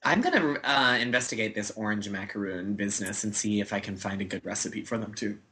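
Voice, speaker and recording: A man co-hosts a casual podcast, eagerly agreeing and chiming in with short, upbeat remarks. His voice is bright and forward. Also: fairly low pitch, fairly quick. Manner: enthusiastic, agreeable, chimes in briefly. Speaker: podcast co-host. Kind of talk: casual chat.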